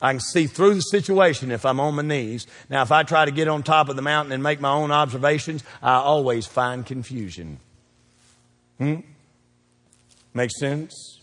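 A man preaching a sermon, asking the congregation to call out the missing words and swinging between loud peaks and quiet asides. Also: fairly high pitch, expressive, normal speed. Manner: call-and-response preaching, asks the crowd to fill in words. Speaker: pastor. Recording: long reverb of a church hall.

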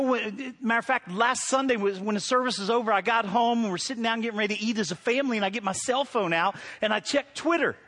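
A middle-aged man preaching a sermon as pastor, telling stories from his week, going from hushed asides to loud preaching. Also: very high voice. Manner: storytelling, swings from quiet to loud preaching.

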